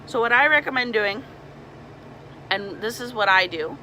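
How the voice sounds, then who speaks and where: A woman's voice: a little high, animated, moderate pace, pushed and bright, a little hiss or hum, low-quality recording. A young woman, a mermaid performer, casually explaining swim tips and demonstrating nasal sounds.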